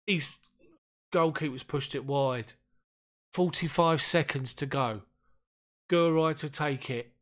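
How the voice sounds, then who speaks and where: A man giving casual commentary on a football management game, getting excited and frustrated as chances slip away. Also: a little high, slow, long pauses. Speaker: gaming YouTuber.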